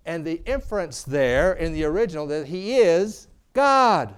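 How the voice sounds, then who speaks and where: A middle-aged man preaching a sermon, calling for amens and swinging from booming to hushed. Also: expressive, a little slow, few pauses, clean tone. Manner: preaching with call-and-response, asking "Amen?". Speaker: pastor.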